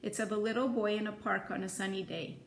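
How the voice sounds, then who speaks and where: A woman reading a novel aloud in plain, even storytelling. Her voice has a gravelly edge, and the room rings with echo under a faint hiss. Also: mid-range voice, fast talker. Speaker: audiobook reader.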